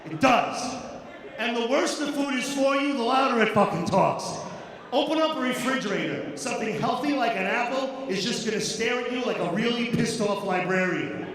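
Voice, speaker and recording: A very high-voiced man working a stand-up set in a profane, mock-outraged rant. He sounds far from the mic in a big, echoey theater hall with a long reverb tail, and audience noise is clearly heard. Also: animated, normal speed, a bit bright. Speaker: stand-up comedian. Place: large theater stage.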